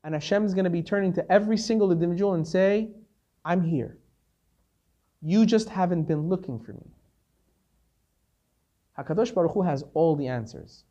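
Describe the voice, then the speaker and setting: A man, a rabbi, giving an earnest sermon-style talk, telling a story and building to emphatic peaks before dropping quiet. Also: a little high, lo-fi sound.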